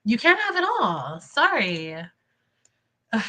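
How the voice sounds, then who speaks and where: A young woman hosting casual livestream commentary, expressive and indignant, laughing often between points. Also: on the high side, slow pace. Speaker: commentary channel host.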